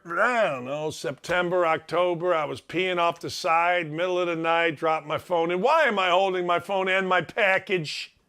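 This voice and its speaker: A middle-aged man talks in a casual, excitable monologue on a sports show. His voice sits fairly high, and he tells stories at his own expense, repeating lines for comic effect. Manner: excitable storyteller, self-mocking, repeats phrases for effect.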